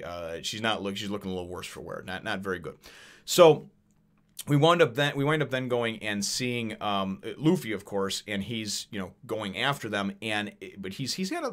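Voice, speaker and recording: A man whose voice sits on the low side, with a fairly bright tone, chats casually about a manga chapter. He rambles, swears, laughs often and leans heavily on fillers.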